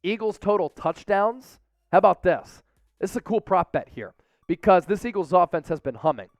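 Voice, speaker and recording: Brief: opinionated man hosting a football talk show, quick with numbers, bright high register. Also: lively intonation, no echo, studio quality. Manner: upbeat, opinionated, rattles off stats. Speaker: sports show host. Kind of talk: energetic sports commentary.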